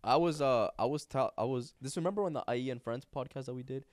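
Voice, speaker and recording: A man's voice: medium pitch, fast talker, a little mellow, no room sound, clean studio sound. A young man co-hosting a podcast, speaking earnestly and reflectively, often restarting his sentences. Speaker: podcast co-host. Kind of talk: casual chat.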